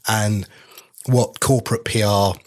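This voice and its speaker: A man's voice: lowish voice, fairly even intonation, measured pace. A man co-hosting a podcast, explaining things in casual chat and repeating words as he restarts. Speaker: podcast co-host.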